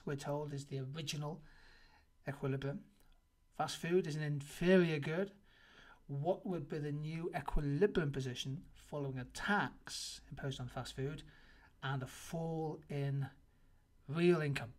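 A man teaching an economics revision lesson, walking through multiple choice answers in an explanatory manner and stressing the key points. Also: fairly high pitch. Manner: explanatory, emphatic on key answers, occasional restarts.

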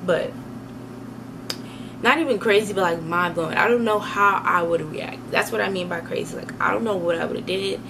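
Female vlog host, mid pitch, rambling casual reactions, clear noise behind her. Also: normal speed. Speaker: channel host. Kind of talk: vlog commentary. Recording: noisy background.

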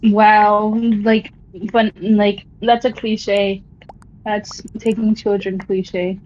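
A woman's voice: mid-range voice, drawn-out words, a little hiss or hum. Teasing woman on a muffled mic. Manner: teasing, interrupting, deadpan jabs. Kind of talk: casual chat.

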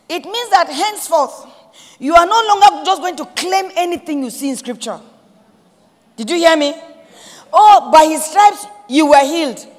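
A woman's voice: high voice, big-room sound. Emphatic Nigerian woman preaching. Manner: emphatic, repetitive preaching with quoted prayers. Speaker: pastor. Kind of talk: sermon.

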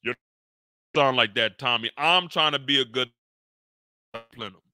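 A man's voice: mid-range voice, moderate pace, bright, forceful tone, a little hiss or hum. A man voicing an indignant middle-aged father who lectures in a whiny, wounded tone.

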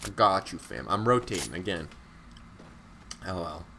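A young man from Scotland, giving excitable, slangy live commentary on his own gameplay and chatting with viewers, breaking into sudden outbursts. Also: low-pitched, moderate pace, slight background noise. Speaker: game streamer.

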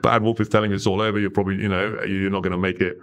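Middle-aged male podcast guest, low voice, chatty storyteller. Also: very fast. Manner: animated storyteller, tags lines with "right?". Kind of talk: conversational storytelling.

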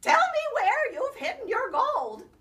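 A woman's voice: mid-range voice, very animated, a little slow. A woman doing a bold, impatient young lass. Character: lazy headstrong young girl. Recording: distant mic, faint background noise.

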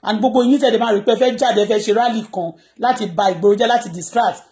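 A woman's voice: a little high, very fast, dark tone. A Nigerian woman blogger whose first language is Yoruba, ranting impassioned on a live stream and raising her voice. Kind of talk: live social media rant.

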